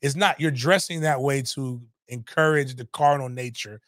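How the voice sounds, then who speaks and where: A middle-aged man, telling a story in animated, profane casual talk on a podcast. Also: mid-range voice, normal speed, no echo, clean studio sound.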